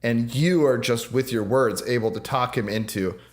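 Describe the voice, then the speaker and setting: A man's voice: mid-range voice, moderate pace. A man co-hosting a podcast, chatting casually and eagerly building silly hypothetical stories. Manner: enthusiastic, spins out joking hypotheticals. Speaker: podcast co-host. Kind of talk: casual comedic chat.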